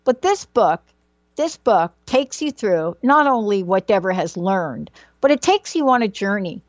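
A woman's voice: mid-range voice, no echo, dull audio. A woman giving a motivational talk about a book, emphatic and repetitive, building her points like a preacher. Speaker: speaker presenting a book.

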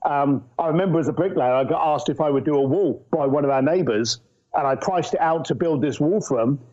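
Middle-aged guy from england telling stories in an interview, bit high, muffled audio. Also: a little fast. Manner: animated anecdotal storyteller. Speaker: guest entrepreneur. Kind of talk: casual storytelling interview.

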